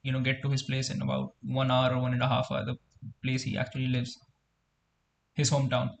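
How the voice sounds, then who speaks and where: A man's voice: mid-range voice, monotone, vocal fry, slight background noise. A young man with an Indian English accent, casually co-hosting a watchalong and reading the chat, easygoing with lots of fillers. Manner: easygoing, filler-heavy, unhurried. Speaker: co-host, reads chat.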